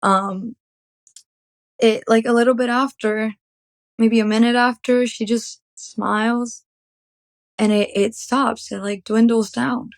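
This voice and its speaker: A woman's voice: on the high side, steady tone, slow pace, pauses often, no room sound. Emotional young woman telling her story. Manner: emotional, rambling storytelling with many "like" fillers. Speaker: interview guest. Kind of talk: personal testimony in an interview.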